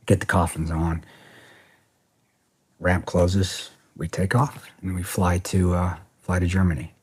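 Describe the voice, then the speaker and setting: Man, husky voice, fairly low, middle-aged, blunt profane storyteller, casual interview. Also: level tone, measured pace, a little mellow. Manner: blunt, profane, rambling with restarts. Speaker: podcast guest.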